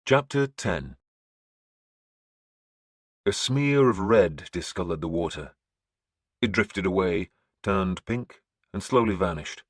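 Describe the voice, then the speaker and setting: Male audiobook narrator, grim and measured, very dry studio sound. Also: low-pitched, animated, husky, dry recording.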